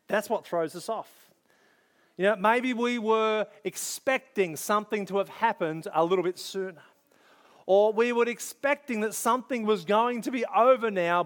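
Male preacher, middle-aged, high voice, chatty storyteller. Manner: storytelling, acts out his own inner thoughts, conversational. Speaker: pastor. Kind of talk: sermon with personal story.

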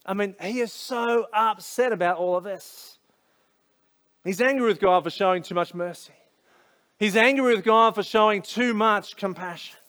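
A man's voice: high-pitched, normal speed, fairly bright tone. A man with an Australian accent preaching a sermon in a conversational, storytelling way, full of casual asides. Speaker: pastor.

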